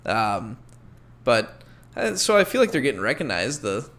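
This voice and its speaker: Young male co-host, animated intonation, laid-back and agreeable. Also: mid-range voice, moderate pace. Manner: relaxed, agreeable, laughs often. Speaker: podcast co-host. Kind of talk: casual chat.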